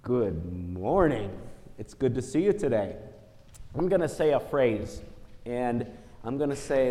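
A man leading a children's message during a church service, talking gently and coaxingly as he tells a story to the kids. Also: mid-range voice, lively intonation, normal speed. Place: church sanctuary. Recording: church service audio with long hall reverb.

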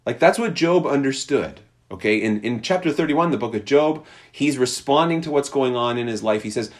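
A man delivering a sermon in a lively, conversational voice, his pitch rising and falling a great deal as he talks. He speaks casually to the congregation and acts out the lines he quotes. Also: moderate pace, few pauses. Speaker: pastor.

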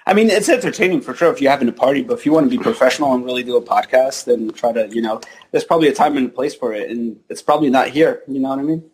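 A man hosting a podcast in casual chat, telling stories in a joking, animated way. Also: medium pitch, rapid-fire, hardly any pauses, breathy edge. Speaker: podcast host.

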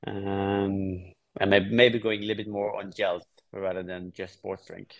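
Relaxed man from Norway, low voice. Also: unhurried, gravelly. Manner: relaxed, explains plainly with frequent restarts. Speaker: guest triathlete. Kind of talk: casual podcast interview.

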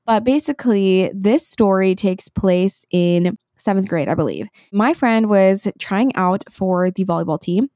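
A woman's voice: mid-range voice, unhurried, darkish tone, no echo, clean studio sound. A young woman hosting a podcast, telling a story in a chatty, casual way with lots of fillers. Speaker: podcast host.

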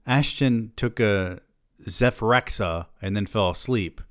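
A man voicing a blank, sullen teenage son who speaks flatly. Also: lowish voice, measured pace, no room sound, clean studio sound, voice pushed up, natural voice. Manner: flat, deadpan, mumbled.

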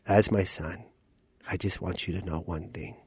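A man voicing a soft-spoken, disappointed older immigrant father who murmurs quietly. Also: fairly even intonation, normal speed, husky. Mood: hushed disapproval. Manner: hushed, low, murmuring.

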